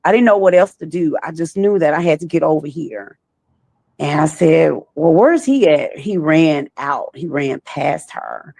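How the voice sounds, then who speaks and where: Gravelly low-voiced woman telling her story. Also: animated, warm tone, no room sound. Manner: slow, halting, repeats phrases. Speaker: trafficking survivor guest. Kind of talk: personal testimony.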